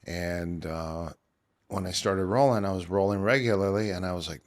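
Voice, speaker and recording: A middle-aged man, an MMA coach, telling long stories in a casual interview, rambling with many fillers and restarts, his voice worn from years of yelling. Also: sits low, moderate pace. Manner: rambling anecdotes with many fillers and self-corrections.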